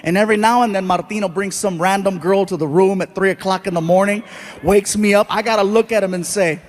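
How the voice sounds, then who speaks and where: A man telling stand-up stories in an animated way, acting out the people in them, on stage at a live show. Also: high-pitched, quick pace, in a large hall. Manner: animated, acts out voices, jokes at his own expense. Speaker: stand-up comedian. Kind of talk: stand-up storytelling.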